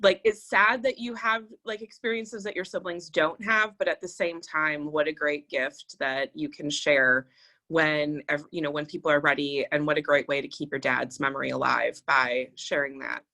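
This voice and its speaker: Bright-voiced woman chatting on a podcast. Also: low-pitched, steady tone, normal speed. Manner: rambling, reflective, many fillers. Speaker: podcast co-host. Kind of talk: casual chat.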